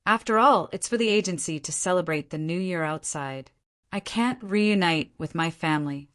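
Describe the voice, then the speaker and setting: A woman's voice: fairly low pitch, a bit bright, natural voice. A woman voicing a humble young escort. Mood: deferential. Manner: respectful, hurried, deferential. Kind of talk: audiobook character voice.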